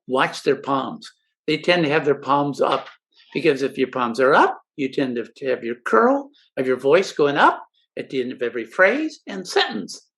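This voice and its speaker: A man's voice: medium pitch, fairly bright tone. An older man giving a friendly instructional talk to teachers, who now and then acts out students' replies. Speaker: educational presenter.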